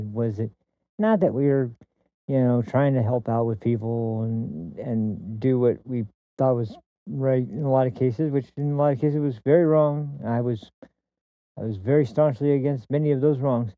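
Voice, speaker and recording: A man's voice: mid-range voice, moderate pace, dry recording, dull audio. A man hosting a podcast, delivering a blunt, crude political commentary monologue that rambles with many restarts. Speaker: podcast host.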